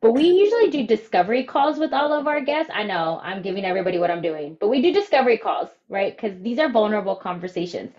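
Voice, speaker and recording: A woman co-host talking animatedly on a chat podcast, quick to exaggerate how excited she is. Her voice sits in a mid pitch, and the sound is a little dull and lo-fi. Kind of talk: casual chat.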